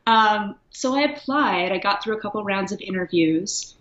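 A woman's voice: mid-range voice, brisk, few pauses. Candid woman in an echoey room. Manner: candid, reflective, laughs often. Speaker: guest, writer. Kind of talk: casual interview. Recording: echoey, dull lo-fi sound.

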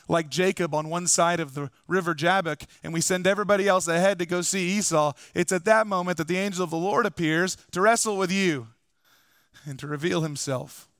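Male pastor, sermon, casual preaching with wry asides, slightly high voice, dry close sound. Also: steady tone, brisk, fairly bright tone, clean tone, dry recording. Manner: conversational preaching with joking asides. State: recovering from illness. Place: church.

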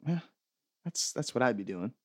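Man, comedy podcast host, sarcastic swearing rants, very animated pitch, dry close sound. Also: normal speed, no echo. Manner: sarcastic, profane mock-ranting. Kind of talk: comedic podcast reading listener emails.

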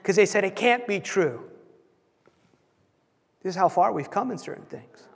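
A man preaching a sermon, telling stories and acting out quotes with animated delivery, often repeating words as he goes. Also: high voice, normal speed, gravelly, long pauses, slightly rough. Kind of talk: sermon storytelling. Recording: long hall reverb.

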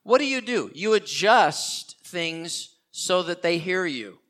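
Older male pastor, earnest sermon delivery with emphatic repetition, slightly higher voice. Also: lively intonation, takes it slowly, fairly bright tone. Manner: earnest, repeats key phrases for emphasis.

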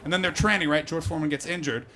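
A male comedian works a live audience with a crude, lively stand-up routine, poking fun at the crowd. He talks in rapid-fire bursts with a slightly high voice.

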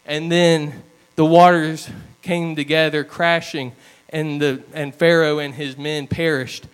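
Man, sermon, earnest storyteller, high-pitched, clear smooth voice. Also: level tone, slow pace. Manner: earnest storytelling with plain retellings. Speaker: preacher.

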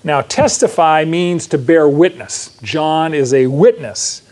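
A man preaching a verse-by-verse sermon in a church, his voice sitting on the higher side. He teaches conversationally, tossing questions to the congregation and checking in with "right?" as he goes. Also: animated, takes it slowly, darkish tone. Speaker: pastor.

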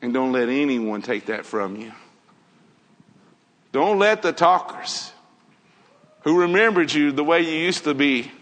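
A man's voice: on the high side, expressive, unhurried, long pauses, a bit bright. A man preaching a sermon in an earnest manner, repeating key phrases and quoting scripture. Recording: long hall reverb.

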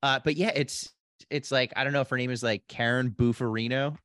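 A man's voice: medium pitch, steady tone, fairly quick, a bit bright, no room sound. A man from Pennsylvania co-hosting a podcast, easygoing and agreeable, often restarting his sentences. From Pennsylvania, USA. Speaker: podcast co-host, comedian. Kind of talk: casual chat.

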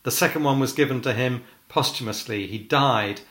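A middle-aged man preaches a personal testimony in an earnest, measured way. His voice sits at an ordinary pitch, and he slows down to press home key phrases. The recording has a roomy echo. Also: fairly bright tone. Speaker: church leader. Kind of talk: testimony sermon.

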